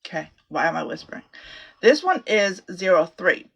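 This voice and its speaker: A woman's voice: on the low side, big pitch swings, moderate pace, vocal fry, breathy edge. A middle-aged woman chatting casually through a makeup tutorial from a small home office closet. She rambles and swears freely. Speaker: makeup vlogger.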